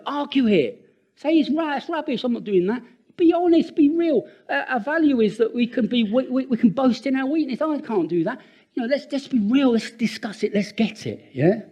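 An older man delivers a sermon in a high voice. His pitch swings widely as he preaches. He is earnest and animated, repeats words, and breaks into laughing asides. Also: highs cut off.

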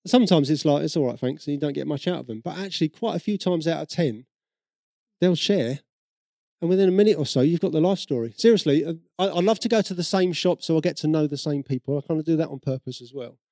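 A British man preaching a sermon in a chatty storytelling way, slipping into the voices of people he has met. His voice sits slightly high for a man yet sounds mellow and warm. The recording is close and dry. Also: fast talker, dry recording. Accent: British English. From Britain. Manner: conversational storytelling, acts out quoted voices. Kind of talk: sermon with personal stories.

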